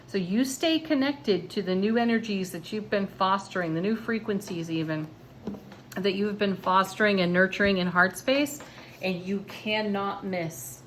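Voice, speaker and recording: A woman giving a tarot card reading in a gentle, encouraging, spiritual manner. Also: mid-range voice, moderate pace, slight background noise. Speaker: tarot reader.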